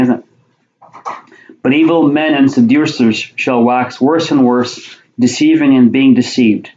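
A man's voice: medium pitch, a little mellow. A man preaching a sermon, reading Bible verses aloud and then explaining them in plain conversational talk, often repeating his words. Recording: roomy, dull lo-fi sound.

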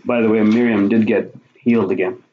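A man preaching a sermon, teaching conversationally through scripture and rising to forceful emphasis on key points. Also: on the low side, steady tone, fairly quick, a little hiss or hum. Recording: roomy, dull lo-fi sound.

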